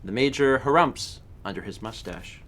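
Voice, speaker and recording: A man's voice: mid-range voice, animated, normal speed, a bit bright. A man streaming a narrative game, reading narration and joking casually.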